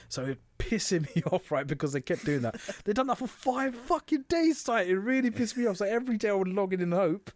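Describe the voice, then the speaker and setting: Sweary bloke telling a story. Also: male voice, high voice, fairly quick, few pauses, no room sound. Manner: swearing anecdote with animated quoted voices. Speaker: podcast co-host. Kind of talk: casual chat.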